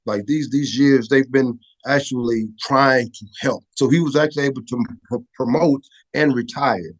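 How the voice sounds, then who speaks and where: A man's voice: mid-range voice, normal speed. A middle-aged man, a former Air Force photographer, telling a personal story as a podcast guest, conversational and often asking "right?". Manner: conversational, repeats "right?" and restarts words. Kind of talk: emotional storytelling in an interview.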